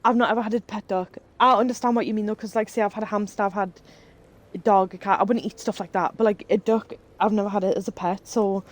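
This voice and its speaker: A woman's voice: medium pitch, fairly even intonation, quick pace. A woman streaming live, telling rambling stories in casual chat while she plays a game and swearing freely. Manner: chatty, rambling storyteller who swears freely.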